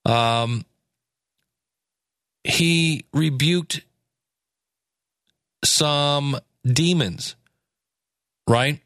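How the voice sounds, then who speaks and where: Guy doing a chill bible study, reads verses then chats about them, mid pitch, dry sound. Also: fairly bright tone, dry recording. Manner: reads scripture aloud with asides and fillers. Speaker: Bible teacher. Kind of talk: casual Bible study talk.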